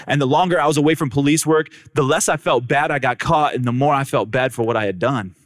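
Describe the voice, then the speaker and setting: A man's voice: medium pitch, quick pace, no echo. A man telling his personal testimony to an audience, acting out the dialogue with drama and talking straight to the crowd. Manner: dramatic storyteller who acts out the dialogue; speaks directly to the crowd. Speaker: speaker giving a personal testimony.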